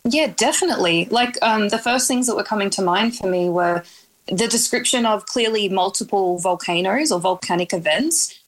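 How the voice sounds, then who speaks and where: A woman interviewer answering in a quick, thoughtful way. Her voice sits at a middling pitch. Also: low-quality recording. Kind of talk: casual conversation.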